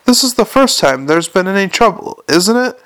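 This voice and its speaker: Guy doing a loud huffy dwarf cook, a bit higher, gravelly edge. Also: very animated, moderate pace, exaggerated voice. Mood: indignant. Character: indignant blustering male dwarf restaurateur.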